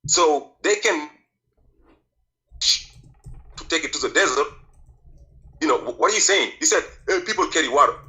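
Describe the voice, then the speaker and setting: Combative male caller, bright forceful voice, a bit high. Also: expressive, normal speed, long pauses, poor audio. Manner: insistent, combative, demands to finish. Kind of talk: heated call-in debate.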